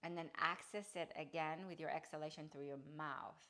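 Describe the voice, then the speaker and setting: Low-voiced woman guiding breathwork. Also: a little hiss or hum. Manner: calm, slow guiding voice with soft restarts. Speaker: yoga and breathwork teacher. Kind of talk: guided breathing instruction.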